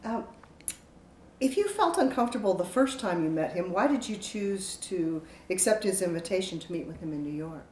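A woman interviewer asking measured, direct questions, heard from a distance. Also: fairly low pitch, expressive, a little mellow. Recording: echoey, distant mic, faint noise.

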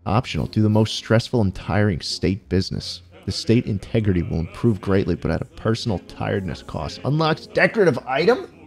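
A man giving profane, excitable let's-play commentary, often yelping and laughing. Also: on the low side, a little fast, creaky, hardly any pauses. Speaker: gaming YouTuber.

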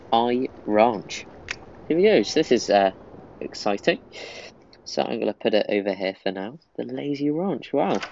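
A chatty man gives casual commentary while playing a mobile game, easily amused. His voice sits at a middle pitch. The recording is slightly dull, with faint background hiss. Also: creaky, a little mellow.

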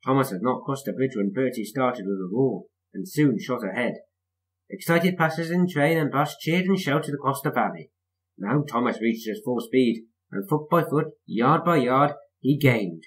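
A man's voice: medium pitch, rough recording. Man reading a children's story aloud. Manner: lively, expressive read-aloud. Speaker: storybook reader.

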